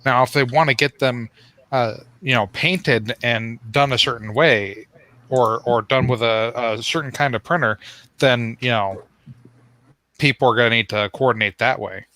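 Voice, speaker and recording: A man's voice: medium pitch, moderate pace, pushed and bright, no echo, rough recording. A man on a podcast panel who repeats and restarts words as he works through his point. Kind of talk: casual podcast chat.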